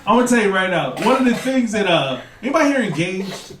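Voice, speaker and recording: A man's voice: sits high, very animated, fast talker, recorded from a distance. A man doing a stand-up comedy set in a club, teasing the audience with slang-filled banter. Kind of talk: stand-up set with crowd work. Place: comedy club stage before a live audience. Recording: roomy, off-mic, loud crowd and noise. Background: loud audience laughter.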